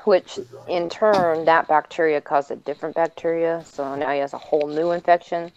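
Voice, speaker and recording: Deep-voiced woman, matter-of-fact, lo-fi livestream sound. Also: fairly even intonation, moderate pace, a little mellow. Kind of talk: casual chat. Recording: muffled lo-fi stream audio.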